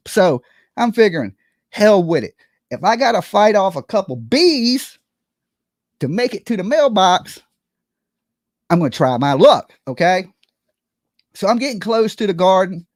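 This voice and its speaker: Streamer spinning a comic tale, lively up-and-down delivery, dry close sound, keeps asking "right?". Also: medium pitch, no room sound. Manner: animated, acts out scenes with buzzing sounds and quoted voices; rambling, keeps checking in with "right?" and "okay?". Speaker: live streamer. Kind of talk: comedic storytelling to a live audience.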